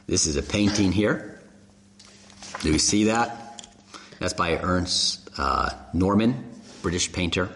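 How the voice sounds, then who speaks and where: A man preaching a sermon, telling the story with animated emphasis and rhetorical questions. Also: deep voice. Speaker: pastor. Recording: echoey hall.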